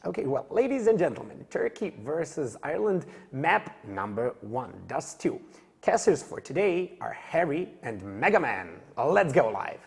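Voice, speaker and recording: A man running the pre-match desk of an esports broadcast, brisk and presenter-like as he questions his analyst and hands off to the casters. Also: a little high, sing-song, gravelly.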